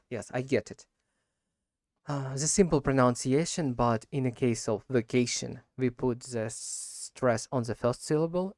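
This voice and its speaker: A man who is not a native speaker of English, talking his way through practice questions, halting and correcting himself as he goes. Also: medium pitch, darkish tone, no room sound, clean studio sound. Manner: halting, frequent self-corrections and repeats. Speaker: language learner practicing speaking. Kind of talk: unscripted spoken practice monologue.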